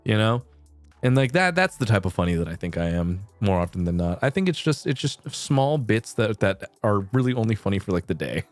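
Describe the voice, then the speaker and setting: A man's voice: fairly low pitch, very animated, brisk, no echo, soft background music. A young man chatting casually on a late-night stream, rambling, restarting sentences and swearing casually.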